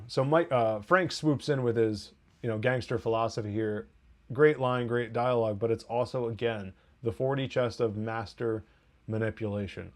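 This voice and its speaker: A man's voice: medium pitch, normal speed. A man hosting a casual TV episode review, talking in a chatty, digressive way and acting out characters' lines with laughs. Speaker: TV review host.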